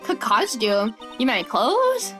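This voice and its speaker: A woman voicing a young male lawyer in a lowered, flat, exasperated tone. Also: slow pace, soft background music, exaggerated voice. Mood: flustered.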